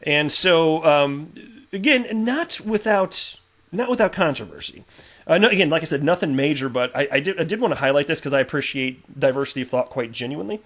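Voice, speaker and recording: A man hosting a casual commentary video, chatty and animated with lots of fillers and restarts. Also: on the high side, brisk. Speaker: crypto video host. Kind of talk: casual commentary reading tweets.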